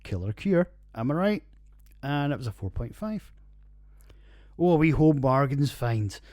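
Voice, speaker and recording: Recorded on a computer with no room sound, this Scottish man in his forties hosts a podcast where he reviews beers. His mid-range voice is expressive, a little slow and a little mellow as he rambles, swears casually, and laughs at his own jokes.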